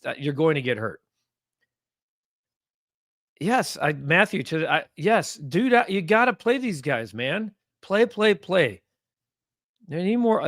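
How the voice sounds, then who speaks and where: A man with a fairly high voice hosts a live sports chat, reacting to viewer comments. He talks in an animated, heated way that swings up and down, recorded dry and close. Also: dry recording. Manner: animated, gets heated and rants. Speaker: sports show host reading live comments. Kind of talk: casual live-stream sports talk.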